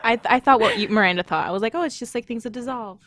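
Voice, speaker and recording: A woman's voice: on the high side, racing, a bit bright, dry recording. A young adult woman co-hosting a casual podcast, telling a story in an exasperated way and swearing.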